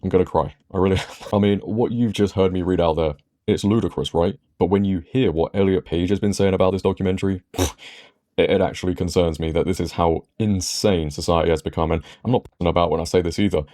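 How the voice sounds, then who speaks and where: A man giving sarcastic, exasperated video commentary, his voice a bit hoarse. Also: deep voice, steady tone, fairly quick, warm tone, no room sound, studio quality. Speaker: commentary YouTuber.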